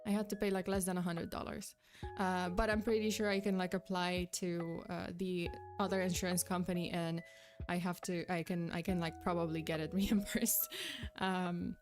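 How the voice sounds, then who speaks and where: A woman's voice: flat delivery, moderate pace, darkish tone. Tired woman chatting on a livestream. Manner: low-energy, chatty, greets chat by name, laughs often. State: tired, getting out of breath. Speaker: streamer. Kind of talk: casual livestream chat.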